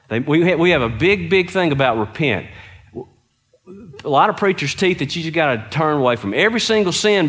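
A middle-aged man with a somewhat high, fairly bright voice preaches a conversational sermon. He is earnest, tells stories, and puts questions to his listeners.

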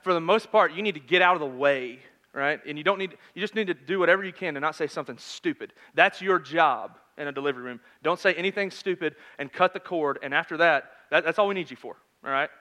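A man in his thirties preaching a sermon in a conversational storytelling manner, swinging between loud and hushed. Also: on the high side, fast, hardly any pauses. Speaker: pastor.

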